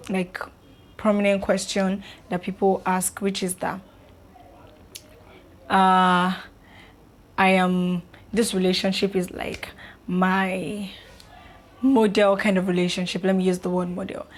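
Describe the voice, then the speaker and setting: A woman's voice: mid-range voice, little pitch movement, takes it slowly, pauses often. A young woman, chatting casually to camera about relationships, loose and filler-heavy. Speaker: vlogger.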